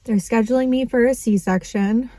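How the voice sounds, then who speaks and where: A woman's voice: on the high side, moderate pace, mellow, no echo, rough recording. A young woman vlogging right after a medical appointment, upset and close to tears, laughing nervously as she talks. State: tearful. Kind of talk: emotional personal vlog.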